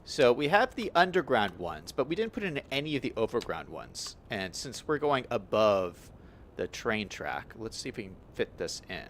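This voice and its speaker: A man's voice: on the low side, big pitch swings, moderate pace, a bit bright, slight background noise. A young man giving casual gameplay commentary, upbeat and chatty, thinking aloud as he plays. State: hiccups. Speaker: gaming YouTuber.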